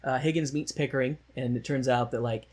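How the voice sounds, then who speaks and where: A man's voice: mid-range voice, steady tone, brisk, darkish tone. A man co-hosting a podcast, recapping a musical in rambling, jokey casual chat with the odd mocking put-on voice. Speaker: podcast co-host.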